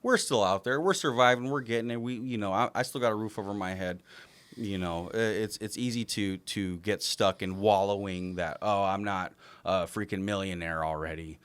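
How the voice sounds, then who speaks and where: A man's voice: lowish voice, normal speed, clear, resonant tone. A man co-hosting a podcast, telling stories in casual chat, acting out quotes and swearing freely. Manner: animated storytelling, swearing, acts out quotes. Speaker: podcast co-host.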